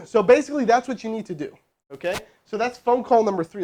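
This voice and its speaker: A man hosts a live stream on cold calling, his voice jumping high and loud as he rallies the chat. He talks fast and lively, one moment coaching, the next hyping viewers up. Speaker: host doing live sales calls. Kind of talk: energetic live-stream teaching.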